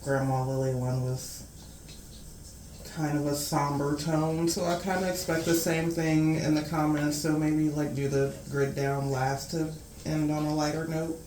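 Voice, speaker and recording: Woman reading out comments, calm and even, roomy echo, little background noise. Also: deep voice, unhurried. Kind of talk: reading viewer comments aloud. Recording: echoey room with faint noise.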